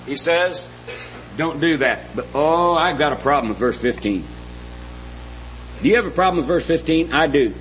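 A man's voice: on the high side, lively intonation, moderate pace, long pauses, fairly bright tone, a little hiss or hum, low-quality recording. A middle-aged man preaching a sermon, earnest and folksy, often asking the congregation questions.

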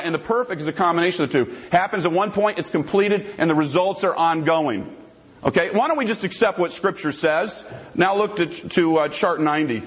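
A man with a notably high voice argues his case in a formal debate. He speaks emphatically and hammers home each point by repeating it. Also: rough recording.

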